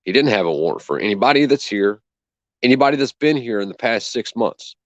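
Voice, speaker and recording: A channel host with an animated, mid-range voice talks fairly quickly in a casual chat, recounting an indignant, profane story and voicing both sides of the conversation. The recording is dry and has a dull, lo-fi sound.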